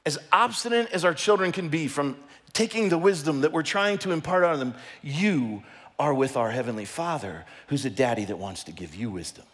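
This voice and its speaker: A middle-aged male pastor delivers a sermon with a high voice. His tone is bright and forceful, and he preaches with passion, pushing his voice up toward a shout for emphasis.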